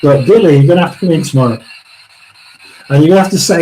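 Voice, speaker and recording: A man's voice: a little high, quick pace, warm tone, a little hiss or hum, poor audio. A man from England hosting a live tarot and spirit reading, musing aloud, talking to spirits and viewers, and laughing often. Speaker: psychic medium livestream host.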